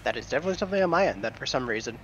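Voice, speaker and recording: A man's voice: medium pitch, lively intonation, racing, fairly bright tone, lo-fi sound, a little hiss or hum. A man playing an online game alongside a friend, making dry, teasing remarks in casual chat. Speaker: co-player. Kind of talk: casual chat while gaming.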